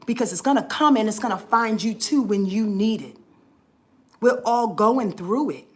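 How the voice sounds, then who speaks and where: A woman's voice: on the high side, animated, moderate pace, a little mellow. A woman astrology vlogger talking in a heartfelt, rambling monologue, earnest and swearing freely, emotional and close to tears at times.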